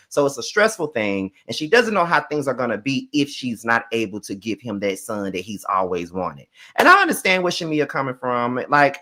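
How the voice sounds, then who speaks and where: Bright-voiced man doing chatty recaps. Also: mid-range voice. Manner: chatty and profane, with many fillers; animated, swings between loud outbursts and quiet asides. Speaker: TV show reviewer. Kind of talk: casual recap commentary.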